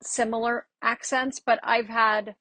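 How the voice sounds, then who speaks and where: A woman with a slightly raised pitch and a breathy, husky edge speaks as a dialect coach on a podcast. She tells lively stories and acts out quoted back-and-forths. The sound is dry and close, with almost no room around it. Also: measured pace, no room sound. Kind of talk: casual interview chat.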